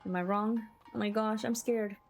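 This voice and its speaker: A woman's voice: mid-range voice, fairly even intonation, normal speed, gravelly. A woman streaming a story game, chatting and giggling with her chat as she plays. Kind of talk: casual game commentary. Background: game music.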